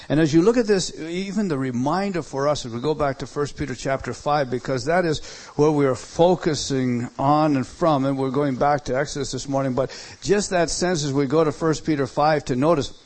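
A male pastor preaching a sermon, stressing points and swinging between loud emphasis and quiet, hushed lines. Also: fairly high pitch.

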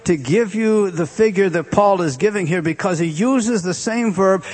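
A man preaching with a somewhat higher voice that carries a husky, breathy edge. He explains the meanings of words, then swings between emphatic raised passages and hushed, drawn-out repetitions. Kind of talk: sermon.

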